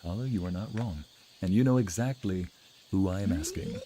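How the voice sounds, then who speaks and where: A man's voice: deep voice, wildly swooping pitch, brisk, dark tone, a little hiss or hum. A man streaming a farming game, chatting casually, laughing often and reading game lines aloud. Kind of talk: casual gameplay chat.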